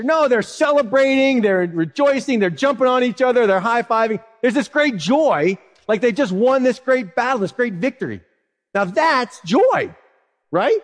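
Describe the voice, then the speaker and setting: A man in his thirties preaching a sermon as pastor, animated, swinging between lively stress and a hushed tone. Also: very high-pitched, moderate pace. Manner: animated preaching, rising and dropping to a hush. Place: church sanctuary. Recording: long reverb of a large hall.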